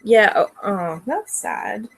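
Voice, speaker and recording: A woman's voice: mid-range voice, expressive, slow, gravelly, slightly rough. A young woman co-hosting a casual podcast chat, giggly and rambling, often trailing off mid-thought. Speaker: podcast co-host.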